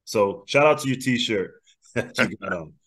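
A man hosting a casual podcast, upbeat and quick to laugh while asking his co-hosts questions. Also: on the low side, animated. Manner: upbeat, laughs easily, gives shout-outs. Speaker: podcast host.

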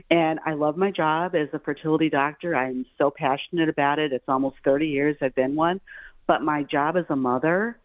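Lebhafte Ärztin, erzählt am Telefon. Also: female voice, low-pitched, dry recording. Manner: animated, acts out quoted voices, repeats words when excited. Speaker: fertility doctor, guest. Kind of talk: casual chat, personal storytelling. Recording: tinny phone line, dry.

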